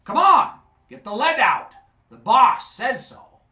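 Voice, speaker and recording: A man voicing a surly, cross old male sea serpent who orders a fisherman around, loud and pushy. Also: sits high, lively intonation, takes it slowly, full character voice. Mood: surly, bossy. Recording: echoey live stage.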